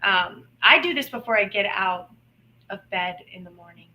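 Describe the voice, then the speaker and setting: Hosting a live intuitive reading stream, this woman talks in a casual, rambling way full of playful asides. Her mid-range voice is bright and forceful at a moderate pace, though the live-stream mic gives poor audio.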